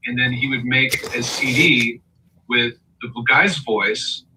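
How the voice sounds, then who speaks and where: A man's voice: medium pitch, slow, distant mic, background noise. A man on a video call, an audio engineer, telling a long explanatory story. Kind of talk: casual video call chat.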